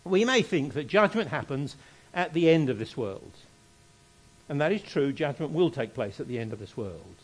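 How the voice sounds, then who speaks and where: A male preacher delivering a sermon in a fairly high, very animated voice. He leans hard on repeated phrases and reads scripture with rising emphasis. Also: normal speed.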